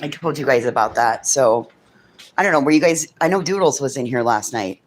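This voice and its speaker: A woman's voice: a bass voice, expressive, fairly quick, slight background noise. A woman chatting casually on her livestream, telling stories and swearing freely. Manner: coos softly over a child's craft. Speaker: livestream host.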